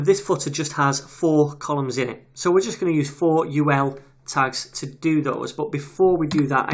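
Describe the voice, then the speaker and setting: A man teaching a web development tutorial in a casual, chatty way, reading details aloud as he types. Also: a little high. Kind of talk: screen-recorded coding tutorial. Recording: audible keyboard typing noise. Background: keyboard clicks and typing.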